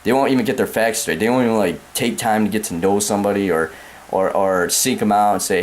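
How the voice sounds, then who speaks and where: Young American man, vlog rant, profane, repetitive, lowish voice, faint background hum. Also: fairly quick. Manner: profane, repetitive, calling the listener man and dude. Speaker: vlogger. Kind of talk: angry rant to camera.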